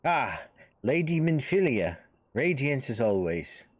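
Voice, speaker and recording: A man voicing a flattering, courtly naval officer recruiting a hero in a game. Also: mid-range voice, slow, no room sound, voice pushed up.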